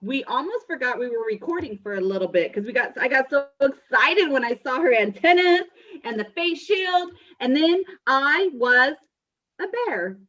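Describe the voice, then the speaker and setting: A woman's voice: sits high, expressive, normal speed, fairly bright tone, muffled recording. A woman hosting a school assembly, playful and teasing, with sing-song greetings.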